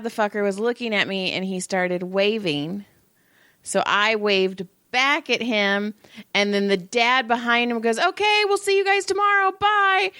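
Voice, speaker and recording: A middle-aged woman in casual chat, telling stories with plenty of swearing and jumping into the voices of the people she quotes. Her voice sits at an ordinary pitch. It is recorded close and dry, with no room sound. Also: smooth, dry recording. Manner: profane, animated storytelling with put-on quoted voices. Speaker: podcast co-host.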